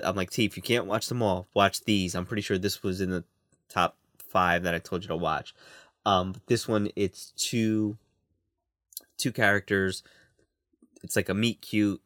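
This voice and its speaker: A man's voice: low voice, a bit bright, dry recording, clean studio sound. A man co-hosting a podcast, reviewing episodes casually and stumbling over his words. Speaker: podcast co-host.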